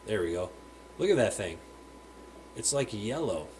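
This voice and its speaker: A man's voice: lowish voice, very animated, normal speed, a little mellow, a little hiss or hum, rough recording. A man hosting a casual live stream from his fish room, chatting freely, greeting viewers by name and stumbling over words now and then. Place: home fish room with aquariums.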